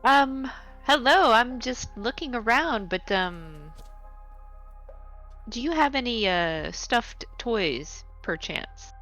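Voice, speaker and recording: A woman playing a tabletop game, hesitant and soft-spoken. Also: a little high, expressive, takes it slowly, soft background music. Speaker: player.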